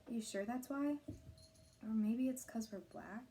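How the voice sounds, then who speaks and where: A woman reading aloud, voicing a caring and protective mother who speaks gently and firmly. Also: medium pitch, brisk, slight background noise, lightly acted. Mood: comforting. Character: caring protective adult mother, warm and firm.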